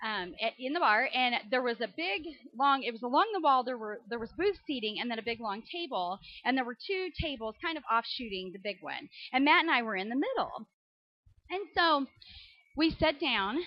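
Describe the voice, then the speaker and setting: A woman from Indiana in her thirties, telling a comic story with animated delivery, laughing often and squealing high when surprised. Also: dry recording, dull audio. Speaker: comedian. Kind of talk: comedic storytelling to a church audience.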